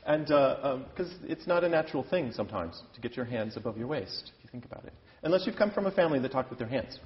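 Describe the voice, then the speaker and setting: Fast and lively in intonation, a medium-pitched man from Iowa in the US Midwest teaches opera singers through a lecture-demonstration. He chats in a self-deprecating way and gestures as he goes. His voice echoes with long hall reverb in a slightly dull-sounding recording.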